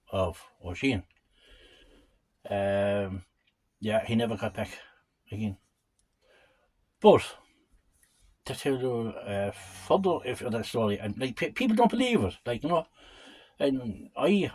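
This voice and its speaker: Older Irish man, husky voice, casual rambling folk storyteller. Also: on the low side, a little mellow, low-quality recording. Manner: rambling, chatty, addresses listeners as lads.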